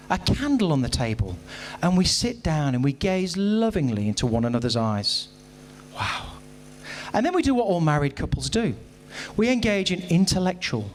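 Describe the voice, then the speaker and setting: A man's voice: a little high, a little hiss or hum. A man in his thirties performing a self-mocking stand-up set, talking straight to the audience on a live stage. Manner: self-mocking, chatty, addresses audience directly. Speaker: stand-up comedian. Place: live stage at a charity comedy event.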